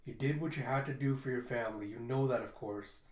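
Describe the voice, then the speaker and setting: A man reading aloud as a calm male doctor, gentle and reassuring with a patient. He speaks softly at a middling pitch. The voice carries a roomy echo. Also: a little fast, natural voice.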